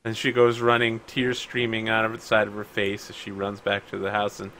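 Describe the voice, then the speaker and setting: A man casually narrating as game master for a tabletop game, quick and joking. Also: lowish voice, monotone, bright, forceful tone, slight background noise.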